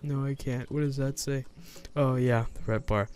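A man giving casual let's-play commentary, chatty and excitable, often breaking into surprised exclamations. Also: mid-range voice, moderate pace, smooth. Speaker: gameplay commentator.

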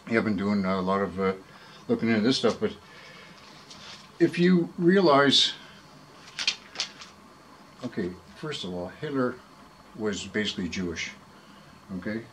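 Low-voiced man rambling profanely. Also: animated, a little slow, pauses often, background noise. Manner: profane, rambling, with frequent fillers and apologies to viewers. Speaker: vlogger. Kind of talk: casual rambling monologue to camera. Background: background music.

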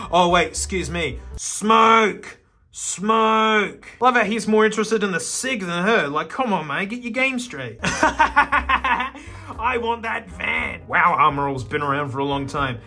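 Aussie bloke laughing thru his commentary, bright punchy voice, bit of music in the background. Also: high-pitched, a little slow, husky. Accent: Australian. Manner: laughing, excitable, jokey asides. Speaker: YouTube host. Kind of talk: casual commentary while flipping through an old car magazine.

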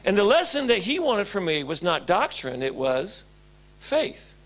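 A male pastor preaching a sermon in a church, telling stories animatedly and swinging between loud and hushed. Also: high voice, big pitch swings, measured pace.

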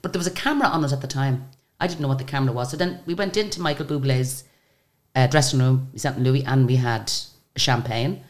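A woman's voice: very deep voice, fast talker. A woman in her sixties with an Irish accent, a singer telling stories in a chatty interview, often restarting her sentences. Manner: chatty, lively storyteller with frequent restarts. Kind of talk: casual storytelling interview.

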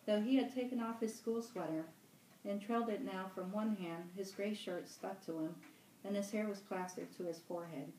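Woman library director reading a novel aloud, steady, echoey and distant. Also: mid-range voice, normal speed, slight background noise. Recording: roomy room, mic at a distance.

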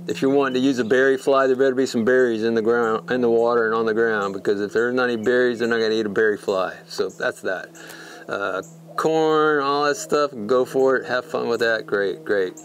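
A man's voice: mid-range voice, slight background noise. A man giving a casual, folksy fly-fishing tutorial, emphatic and repeating words for stress. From Texas.

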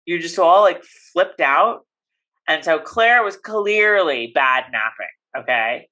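A playful woman co-hosting a casual podcast, fond of running gags. Her voice is very low-pitched and bright, with a forceful edge. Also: lively intonation, takes it slowly, rough recording. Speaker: podcast co-host recapping a TV episode. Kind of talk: casual chat.

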